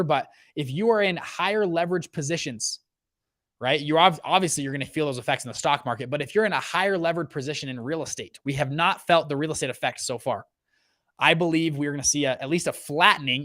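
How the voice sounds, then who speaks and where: Energetic man, dry close sound. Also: on the high side, no room sound. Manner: energetic, lots of fillers and okays. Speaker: fund manager and show host. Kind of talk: casual livestream talk on economics.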